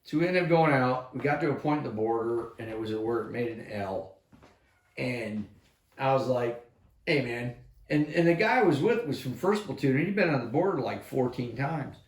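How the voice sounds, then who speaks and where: A man's voice: mid-range voice, animated, normal speed. A man in his fifties, an army veteran, telling war stories in a casual, rambling way, swearing heavily and acting out what people said. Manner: profane, rambling, acts out quotes loudly. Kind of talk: casual storytelling chat. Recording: roomy echo.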